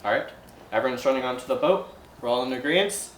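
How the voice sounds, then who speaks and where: A game master calmly narrating a tabletop game to the players around the table. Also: mid-range voice, fast. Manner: calm, explanatory narration. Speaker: dungeon master. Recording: roomy echo, faint background noise.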